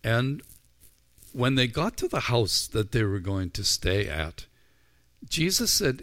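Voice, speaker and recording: A man's voice: medium pitch, big pitch swings, takes it slowly, pauses often, a bit bright. A middle-aged male pastor preaching a sermon, retelling scenes in a storytelling way and acting out the voices. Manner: storytelling, acts out the disciples' voices.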